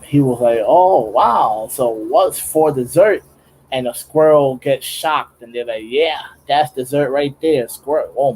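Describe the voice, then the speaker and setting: Medium pitch and a dark tone mark this young streamer's voice, with a little hiss or hum and low recording quality. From a home studio late at night, he casually chats on a livestream while drawing, rambling, restarting a lot, laughing often, and using slang.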